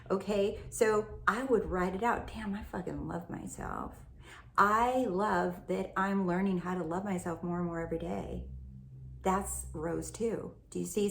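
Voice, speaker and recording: A woman's voice: mid-range voice, gravelly, darkish tone, slight background noise. A woman from California, a self-help coach, talking casually and emphatically to her viewers, swearing freely. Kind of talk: casual teaching monologue. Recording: echoey room, faint ambience.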